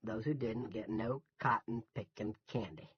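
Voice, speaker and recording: A man's voice: on the low side, a little slow, husky, dry recording, dull audio. A man voicing a blustering middle-aged male town boss who gives commanding, scoffing, folksy orders. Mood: bossy.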